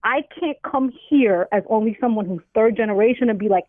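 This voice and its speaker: A woman's voice: a little high, a little fast. A woman guest in a casual interview, talking bluntly and acting out other people's voices. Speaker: podcast guest. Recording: tinny phone line.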